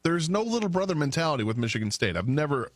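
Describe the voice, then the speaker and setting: A man's voice: on the high side, very animated, quick pace, no room sound, studio quality. A man co-hosting a sports talk radio show, arguing a point with firm emphasis. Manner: opinionated, argues with emphasis. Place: radio studio. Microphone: studio microphone.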